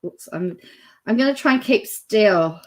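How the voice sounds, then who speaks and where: A woman's voice: medium pitch, expressive, a little slow. A woman hosting a casual reaction video, amused and chatty.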